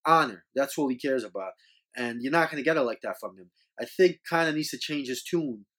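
A man's voice: mid-range voice, lively intonation, brisk, fairly bright tone. A man hosting a show, talking casually and earnestly with many restarts, scolding as he goes. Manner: rambling, repeats words, scolding and earnest. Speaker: podcast host. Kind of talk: casual opinion monologue.

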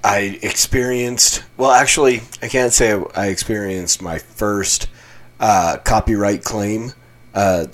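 A man from Colorado, a pastor hosting his own podcast, talking alone in a small basement room in a chatty, wry, self-mocking way. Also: lowish voice. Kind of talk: casual solo podcast monologue.

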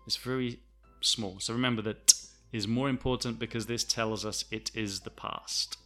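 A man's voice: medium pitch, normal speed, sharp tone. A man teaching an English lesson, explaining carefully and repeating each example sentence.

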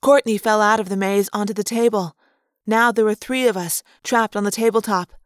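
A woman's voice: medium pitch, steady tone, moderate pace, no echo, studio quality. A woman narrating a story aloud in first person, expressively acting out the action.

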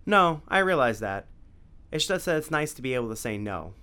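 A man's voice: mid-range voice, big pitch swings, normal speed, bright, forceful tone, smooth. A man voicing a cheeky, plucky boy hero in a storybook reading, with a spirited delivery.

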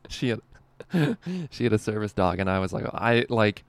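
Man, low gravelly voice, rambling profane storytelling, dry close sound. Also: normal speed, no room sound. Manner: rambling, profane, laughs often. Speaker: screen printer telling a work story. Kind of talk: casual storytelling.

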